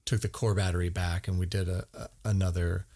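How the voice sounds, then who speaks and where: A man's voice: low-pitched, level tone, fairly quick, warm tone. A middle-aged man co-hosting a podcast, chatting casually with his partner in a rambling, self-deprecating way, often repeating his words. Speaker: podcast co-host.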